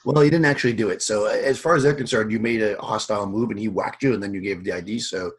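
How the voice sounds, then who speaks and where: Male game master, low husky voice, loose rambling narration. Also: quick pace. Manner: relaxed, rambling with fillers.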